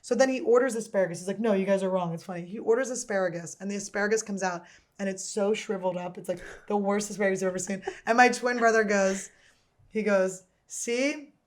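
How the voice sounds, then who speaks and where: A woman's voice: medium pitch, steady tone, quick pace. Crude, joking woman podcast host. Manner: crude, joking, rambling storyteller. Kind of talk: casual comedy podcast chat.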